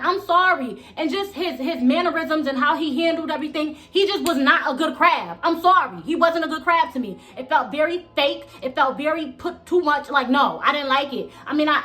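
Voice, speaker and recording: A woman's voice: sits high, bright, forceful tone. A woman vlogger giving blunt, emphatic opinion commentary, often tagging points with "okay?".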